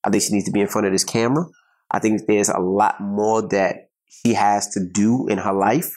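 A man's voice: on the low side, fairly even intonation, normal speed, a little mellow. Rambling middle-aged man hosting a podcast. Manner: rambling, repeats himself while searching for words. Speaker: podcast co-host. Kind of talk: casual chat.

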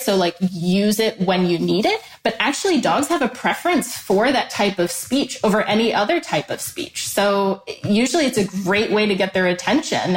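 A woman researcher talking eagerly about dog studies on a video call, full of fillers and quick restarts. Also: mid-range voice. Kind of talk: enthusiastic explanatory interview talk. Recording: echoey room with faint noise.

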